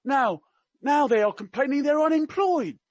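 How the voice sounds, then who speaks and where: A man putting on a blunt, tactless elderly gentleman with an attempted Cockney accent, his pitch pushed up for the quips. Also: expressive, moderate pace, dry recording, lo-fi sound. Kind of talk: comic impression in a podcast reading.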